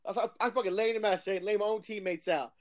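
A man telling gaming stories in casual chat, animated and acting out other players' lines. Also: high voice, quick pace, crowd noise.

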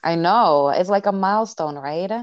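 Young Dutch woman, low voice, dull dry sound. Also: moderate pace, no echo. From Netherlands. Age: young adult. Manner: chatty, laughs lightly, many fillers. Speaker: podcast guest. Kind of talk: casual interview chat.

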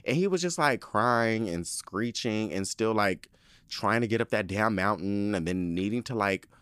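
A man's voice: lowish voice, normal speed, clean tone, no echo. A man telling a story in a casual monologue, ranting with lots of swearing and frequent laughter. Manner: profane, animated, indignant ranting.

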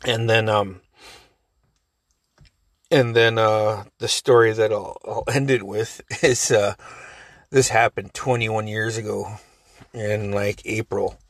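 A man's voice: on the low side, steady tone, slow, pauses often, no room sound, clean studio sound. A man in his forties casually telling a family story, rambling, cursing and laughing often.

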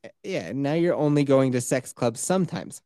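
Young male host, loose profane storyteller, average pitch, dry mic. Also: animated, moderate pace, mellow, no echo. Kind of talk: casual chat.

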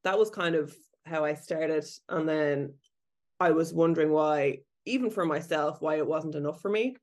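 A woman's voice: low-pitched, normal speed, darkish tone. A woman coach and researcher speaking as a podcast guest, candid and self-deprecating, laughing lightly as she talks. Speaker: body image coach and researcher.

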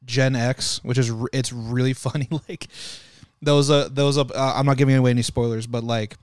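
A man's voice: medium pitch, a little fast, smooth, no room sound, studio quality. A man co-hosting a casual podcast, chatting and laughing a lot, swearing freely as he retells scenes. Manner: laughing often, profane, animated retelling. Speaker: podcast co-host. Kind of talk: casual chat.

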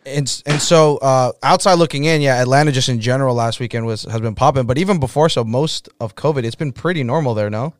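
A man hosting a podcast, introducing his guest in a relaxed, conversational way. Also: medium pitch, a little fast, few pauses, dry recording. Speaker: podcast host. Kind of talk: casual podcast interview. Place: Boston.

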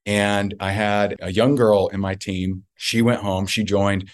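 A man's voice: fairly low pitch, fairly even intonation, measured pace. A man being interviewed as a guest, telling a story emphatically and repeating points for effect. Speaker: guest, network marketer.

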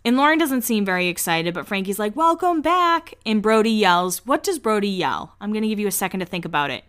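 A young woman hosting a podcast, recapping a reality show in a gossipy, casual way with low asides. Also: expressive, fast talker, clean tone. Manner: chatty, gossipy, laughs often, drops into low asides. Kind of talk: casual chat.

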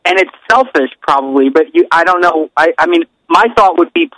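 A man on a casual podcast who listens and chimes in with quick reactions and follow-up questions. His voice sits a little higher than most men's, recorded close and dry. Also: animated, fairly bright tone, no echo, poor audio. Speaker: podcast co-host.

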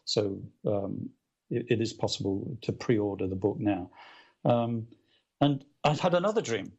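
A middle-aged man who is a guest author, telling a story in casual conversation in a rambling, animated way with lots of fillers and restarts. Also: on the low side, measured pace, breathy edge, highs cut off.

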